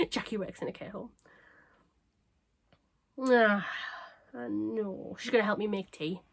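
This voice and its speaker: A woman chatting casually to camera as a craft vlogger, bubbly and self-mocking, her voice a little croaky. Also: on the high side, normal speed, pauses often. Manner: bubbly, excitable and self-deprecating. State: slightly croaky.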